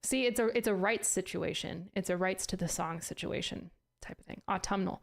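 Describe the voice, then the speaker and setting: A woman's voice: lowish voice, a little fast, gravelly. A woman streaming and chatting casually, playful and self-mocking, laughing often and cursing now and then as she trips over words. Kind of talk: casual chat.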